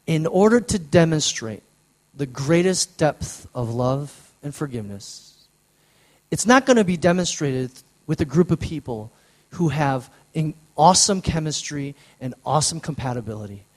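A male pastor delivers a sermon in an earnest, heartfelt manner, and his voice sits on the higher side. He slows down to lean on the words he wants to stress. He is speaking from the front of a church sanctuary. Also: animated.

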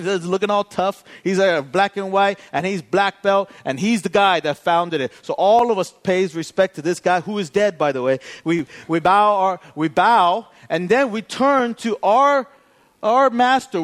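A male pastor telling a story in a sermon, acting out both sides of a conversation and laughing along the way. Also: high voice.

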